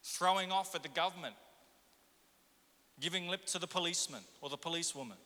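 A man's voice: fairly high pitch, a little fast, sharp tone, long reverb tail. A man preaching a sermon as pastor, firing rhetorical questions at the congregation. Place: church.

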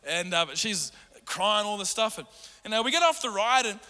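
A middle-aged man preaching a sermon as pastor, animated, acting out quotes in a raised voice. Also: high-pitched, normal speed. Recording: long hall reverb.

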